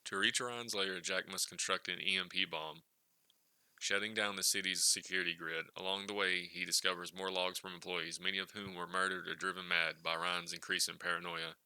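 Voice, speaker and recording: A man giving scripted narration for a video retrospective, in a steady, explanatory manner. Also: sits low, fairly quick, clear, resonant tone, dry recording, low-quality recording.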